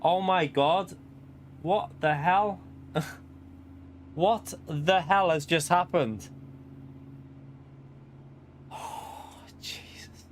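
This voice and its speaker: A man in his thirties talks casually through a racing game on a live stream, often repeating and exclaiming, with a slightly high pitch. The game's engine noise sits clearly behind his voice. It feels like a home stream with an open mic. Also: extremely slow, long pauses. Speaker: gaming streamer. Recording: noisy background with car sounds.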